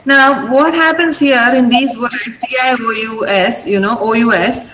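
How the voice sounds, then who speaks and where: A woman teacher with an Indian English accent, her voice a little high, walks through word stress at a very slow, deliberate pace. She repeats each word for her students and often checks in with "okay?". The sound is echoey, with a faint hum of room noise behind her. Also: fairly bright tone. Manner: slow, drills words syllable by syllable, checks with "okay?". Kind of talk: online vocabulary and pronunciation lesson.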